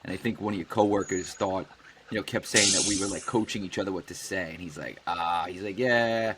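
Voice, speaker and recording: A man with a fairly low voice tells a long story in loose podcast chat. He jumps into the voices of the people he quotes and curses without a second thought. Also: fairly quick, slight background noise. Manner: animated storyteller who acts out quoted dialogue and swears freely. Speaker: podcast co-host.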